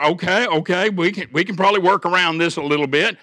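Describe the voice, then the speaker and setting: Older okie preacher guy, bright forceful voice, dry sound, folksy stories and jokes. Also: high-pitched, fast talker, no echo. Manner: folksy storytelling with homespun humor. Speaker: preacher and church elder. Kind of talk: sermon.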